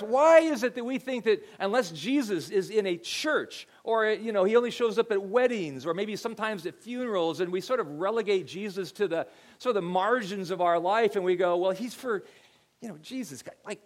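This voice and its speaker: Conversational middle-aged male pastor, higher voice. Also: a little fast, hardly any pauses. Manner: conversational storytelling, frequent repeated words. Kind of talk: sermon.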